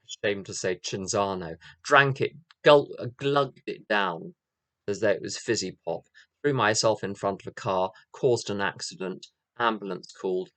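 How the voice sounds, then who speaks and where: In a meeting room, an older man from England gives an AA recovery talk, frank and self-deprecating, weaving his story around rhythmic, repeated phrases. He has a fairly low, slightly bright voice, captured in a dry recording.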